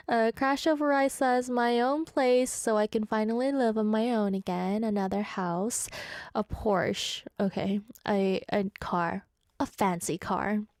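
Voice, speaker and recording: A woman's voice: medium pitch, fairly even intonation, slow, a little mellow, no echo, studio quality. A woman hosting a radio show, chatting casually and teasing as she reads out listener messages. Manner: playful, teasing, laughs at her own jokes. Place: radio studio. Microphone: studio microphone.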